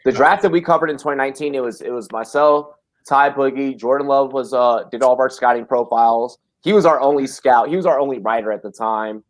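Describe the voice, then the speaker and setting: A man hosting a casual livestream chat from his back porch, talking in an excitable, profane, rambling way. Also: medium pitch, fairly quick. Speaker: host.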